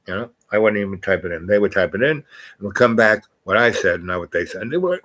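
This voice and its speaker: A man's voice: lowish voice, animated, fast talker, fairly bright tone, low-quality recording. An older man talking in a meandering, casual monologue, correcting himself often and reading aloud from a screen. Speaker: channel host.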